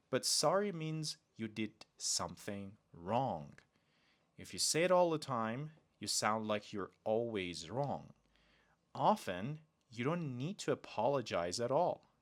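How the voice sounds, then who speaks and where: Slow, animated male teacher. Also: medium pitch. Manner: slow, deliberate delivery with lively emphasis on example phrases. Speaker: English teacher, podcast host. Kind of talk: podcast lesson.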